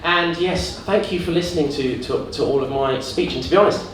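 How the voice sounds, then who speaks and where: Awkward young man in an echoey comedy room. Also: a little fast. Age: young adult. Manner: awkward, deadpan, faltering character with sudden squeaky put-on voices. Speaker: student stand-up comedian. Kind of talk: in-character stand-up set. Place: student comedy club stage with audience. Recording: very echoey room, distant mic, noisy. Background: audience laughter and room ambience.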